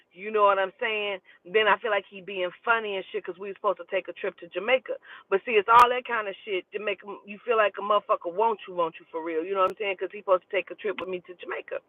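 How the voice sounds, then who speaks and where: A woman who works as a spiritual advisor, telling a personal story in a lively, profane, gossipy way and acting out the dialogue. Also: mid-range voice, dry recording. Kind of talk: casual storytelling. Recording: tinny phone-like dry sound.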